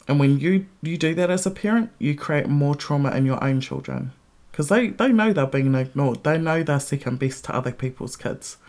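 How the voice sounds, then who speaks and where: Blunt, swearing woman with a gravelly voice. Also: sits low, moderate pace, a little mellow. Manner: blunt, heavy swearing, emphatic. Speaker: podcast host. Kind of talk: casual ranting monologue.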